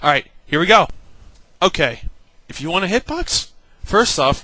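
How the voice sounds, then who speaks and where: A man's voice: high-pitched, sing-song, moderate pace, pushed and bright, no echo, rough recording. A young man giving an angry, exasperated rant about an online game, swearing and mocking other players with sarcasm. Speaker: gaming vlogger.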